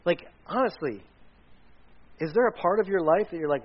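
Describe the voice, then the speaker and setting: A man's voice: high-pitched, expressive, a little fast, long pauses, slightly rough. A man, a pastor, giving a casual, conversational sermon, rambling with restarts and side stories. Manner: chatty, rambling with restarts and asides. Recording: dull lo-fi recording.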